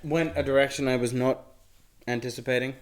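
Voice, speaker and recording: A man's voice: medium pitch, steady tone, quick pace. A man co-hosting a casual podcast chat in a joking, teasing manner. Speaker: podcast co-host.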